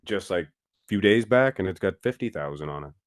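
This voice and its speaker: Deep-voiced man telling stories. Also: expressive, a little fast, no echo, studio quality. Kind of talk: casual chat.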